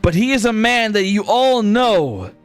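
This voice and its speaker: A man's voice: high voice, sing-song, clear, resonant tone, faint music behind. A man narrating as game master for a tabletop game, drawing out his lines. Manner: slow, drawn-out narration.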